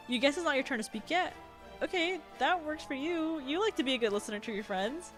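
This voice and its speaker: A woman's voice: fairly high pitch, expressive, fairly quick, a bit bright, faint music behind. A woman streamer reading a visual novel aloud, adding giggly, sweary asides. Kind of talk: reading a game aloud with commentary.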